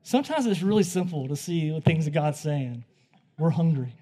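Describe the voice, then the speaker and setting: A man preaching a sermon, telling a story in a conversational way that moves between hushed, quiet passages and loud, excited ones. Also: on the high side, normal speed.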